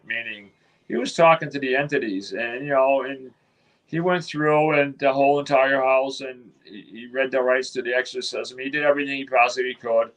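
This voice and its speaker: A man tells a long story in a casual interview. He rambles and restarts, quoting others in his own voice at a middle pitch. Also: fairly even intonation, a little fast, poor audio. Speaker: interview guest.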